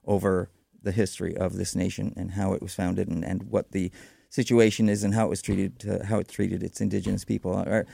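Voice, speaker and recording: A man's voice: sits low, little pitch movement, brisk, creaky, mellow, breathy edge, no room sound, clean studio sound. A man hosting a radio interview, speaking hesitantly with many fillers and frequent affirmations. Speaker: radio host. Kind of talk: interview conversation.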